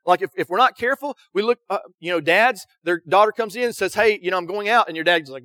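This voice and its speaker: Bright, high-voiced male pastor preaching. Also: expressive, dry recording, studio quality. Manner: storytelling with quick acted quotes and frequent "right?". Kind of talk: sermon.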